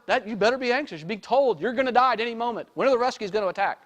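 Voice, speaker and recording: Man, therapist lecturing, high-pitched voice, chatty, keeps asking "okay?". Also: rapid-fire, a bit bright. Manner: conversational, frequent "okay?" and "right?" check-ins, joking. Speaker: therapist giving a talk. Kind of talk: informal lecture to an audience.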